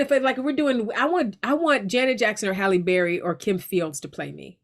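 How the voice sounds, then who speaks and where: A middle-aged woman, an actress, chatting casually in an interview, lively and prone to laughter. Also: fairly high pitch, a little fast. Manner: lively and laughing, with frequent restarts. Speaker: actress guest.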